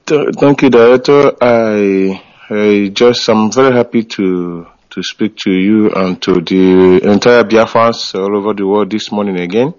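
Hesitant caller on lo-fi internet call. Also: male voice, on the low side, unhurried, darkish tone. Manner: hesitant, many fillers and restarts, earnest.

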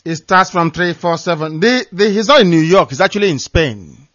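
A man's voice: sits high, animated, moderate pace, a bit bright, no echo. A man hosting a call-in radio show, speaking passionately and repeating words for emphasis. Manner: impassioned, repetitive emphasis. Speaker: radio host. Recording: dull lo-fi dry sound.

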